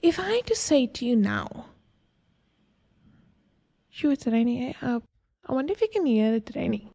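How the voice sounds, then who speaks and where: A woman's voice: high-pitched, big pitch swings, normal speed, creaky, mellow, no room sound, clean studio sound. A woman hosting a podcast, explaining ideas in a chatty, digressive way with homely analogies. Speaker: podcast host. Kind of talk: casual explanatory talk.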